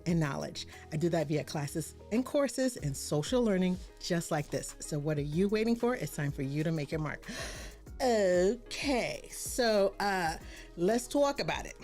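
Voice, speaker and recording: Upbeat female branding coach hosting a live stream; animated, exclamatory delivery. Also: lowish voice. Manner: bubbly, greets viewers by name, exclaims often. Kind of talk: casual live-stream chat.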